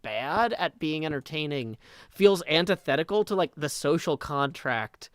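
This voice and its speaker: A man hosting a casual livestream, talking in a halting way full of ums and likes and cheerfully reading out viewer tips. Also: a little high, animated, a bit bright, clean tone, no echo, clean studio sound. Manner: reads viewer tips aloud, upbeat. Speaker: livestream host.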